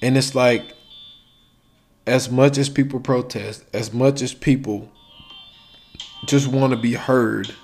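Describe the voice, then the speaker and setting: A man's voice: mid-range voice, steady tone, takes it slowly, pauses often, darkish tone, soft background music. A man hosting a solo podcast, talking casually and acting out quoted exchanges. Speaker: podcast host.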